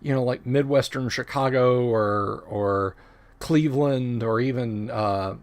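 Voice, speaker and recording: Speaking at a measured pace in a medium pitch, a middle-aged man runs a laid-back livestream. His talk is rambling and chatty, with frequent mid-sentence self-corrections.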